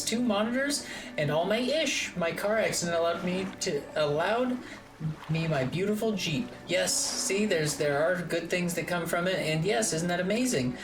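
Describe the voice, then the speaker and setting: A woman streamer chatting casually and rambling while she plays, swearing freely, from a home streaming room. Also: low voice. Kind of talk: casual chat while gaming.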